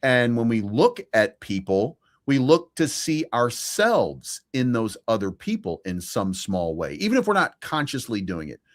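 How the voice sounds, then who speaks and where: A man's voice: mid-range voice, very animated, measured pace, few pauses. A man co-hosting a live stream, giving his opinions in a casual political debate, with frequent restarts. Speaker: stream co-host.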